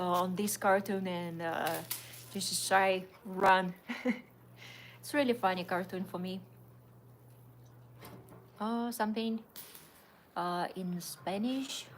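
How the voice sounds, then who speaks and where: A young woman with a Russian accent chats loosely on a livestream. Her English is halting and broken, dotted with "uh" pauses and easy laughs. Faint noise hums in the background. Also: medium pitch. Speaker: co-host of a livestream. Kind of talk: casual livestream chat.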